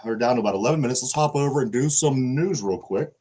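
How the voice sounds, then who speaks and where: A man's voice: mid-range voice, fast talker, heavy background noise. A man from the Pittsburgh area co-hosting a sports podcast, rambling with restarts and casual swearing as he reads the news. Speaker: podcast co-host.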